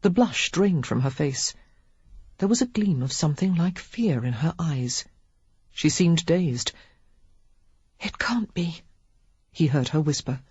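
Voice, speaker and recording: An audiobook narrator reads in a steady, measured storytelling voice. The voice is husky, and the recording is dry and dull with little room sound. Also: mid-range voice, dry recording.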